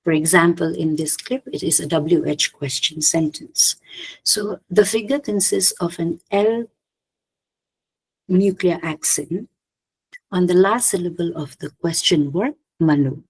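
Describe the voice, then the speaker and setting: This is a halting academic linguistics talk by a woman with a Khasi accent, full of fillers and repeated throat-clearing. She speaks on the low side, and the recording sounds rough.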